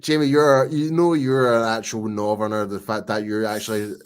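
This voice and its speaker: A very tired man co-hosting a casual fan podcast, teasing his friends in animated banter. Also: lowish voice, moderate pace, clear, resonant tone. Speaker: podcast co-host.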